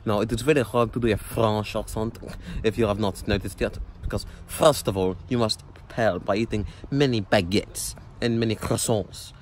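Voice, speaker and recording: Guy doing a cheesy fake french accent, slow and hammy, kinda low voice. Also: very animated, darkish tone, slight background noise. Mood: mock French. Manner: slow, exaggerated, over-formal. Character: young man faking a French accent.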